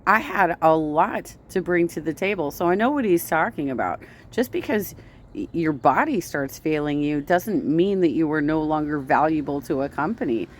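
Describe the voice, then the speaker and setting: A woman's voice: deep voice, animated, normal speed, hardly any pauses, a little hiss or hum. A woman streamer giving casual commentary in a blunt, exasperated way, with plenty of swearing.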